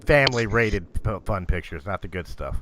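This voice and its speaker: Brief: male podcast host, lively swooping delivery, playful promo reads. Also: fairly low pitch, normal speed, slight background noise. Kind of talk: casual podcast chat and outro.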